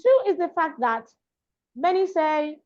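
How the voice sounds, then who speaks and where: This interview features a Lagos-raised Nigerian woman, a public speaking and diction coach, driving home her points emphatically and repeating them. Her high voice has lively intonation and a darkish tone, her pace is a little slow, and the sound is dull and lo-fi.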